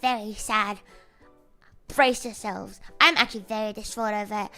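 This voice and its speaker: A woman's voice: mid-range voice, steady tone, moderate pace, sharp tone, soft background music. A young woman chatting casually on a livestream, rambling, swearing freely and joking with her viewers.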